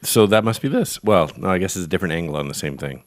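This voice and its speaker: Deep-voiced playful man on a podcast. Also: lively intonation, quick pace, dry recording, clean studio sound. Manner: playful, confidently invents mock definitions. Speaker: podcast co-host. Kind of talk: casual podcast chat.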